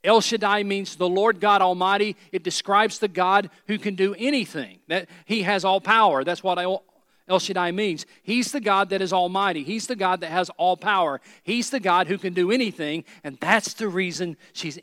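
A man's voice: high-pitched, normal speed, a bit bright, no echo, studio quality. A man preaching a sermon with emphasis, driving his points home through repeated phrases.

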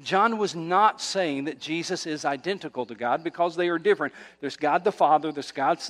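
A man's voice: a little high, moderate pace, a bit bright. A male pastor delivering a sermon, emphatic and repetitive, building intensity as he preaches. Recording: long hall reverb.

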